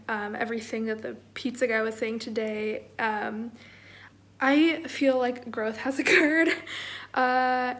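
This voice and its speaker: A woman's voice: fairly high pitch, low-quality recording. Chatty young woman vlogging on a phone. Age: 20s. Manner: chatty, self-deprecating, laughs often. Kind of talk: casual vlog chat.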